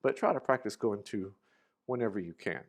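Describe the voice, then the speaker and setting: A man giving a relaxed, casual English grammar lesson, explaining future tenses with a few fillers. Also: fairly low pitch, moderate pace. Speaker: English teacher.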